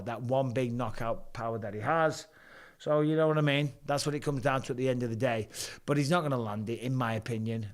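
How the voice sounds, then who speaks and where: A middle-aged man with a Lancashire accent, from England, hosting a live stream and rambling through fight talk, swearing freely. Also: mid-range voice. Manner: swearing, rambling, chatty banter. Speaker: host, former fighter. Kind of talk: casual live-stream commentary.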